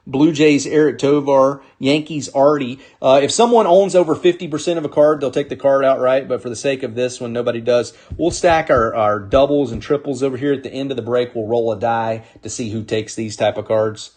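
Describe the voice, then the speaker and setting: A man's voice: medium pitch, a little fast, few pauses, darkish tone. A man hosting a live sports card break, upbeat as he calls out players and teams while opening packs.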